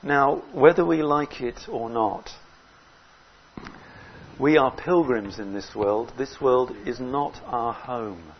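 A man preaching a sermon in an earnest way, rising loud on key words and dropping low between them. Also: slow pace, lo-fi sound, slight background noise.

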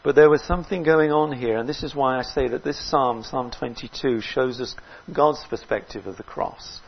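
A man preaching a sermon in an earnest way, rising loud on key words and dropping low between them. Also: normal speed, gravelly, husky, dull audio.

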